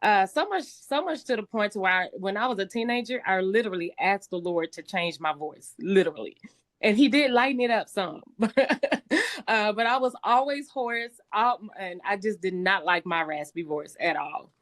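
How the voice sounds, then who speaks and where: A middle-aged woman with a slightly raspy voice, telling her life story as a guest speaker in a conversational way, with many fillers and restarts. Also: medium pitch, normal speed, fairly bright tone. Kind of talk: personal testimony talk.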